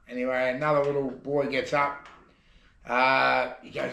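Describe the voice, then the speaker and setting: A man's voice: mid-range voice, flat delivery, a little slow, creaky, sharp tone, reverberant. An Australian man telling jokes in a rambling, chatty way as a casual comedy vlogger. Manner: rambling, chatty joke delivery. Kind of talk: casual joke telling to camera. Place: shed.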